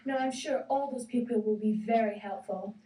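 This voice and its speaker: A woman voicing a practical, motherly village woman in a children's story, giving brisk instructions. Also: mid-range voice, mellow, close to an everyday voice. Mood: instructing. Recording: roomy, distant.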